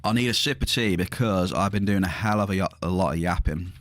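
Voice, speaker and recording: Guy on a game stream, kinda low voice, bit worn out, rambly chat to viewers. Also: lively intonation, moderate pace, no room sound. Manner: rambling, chatty, addresses viewers directly. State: slightly strained voice. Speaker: livestreaming gamer. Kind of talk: casual livestream chat.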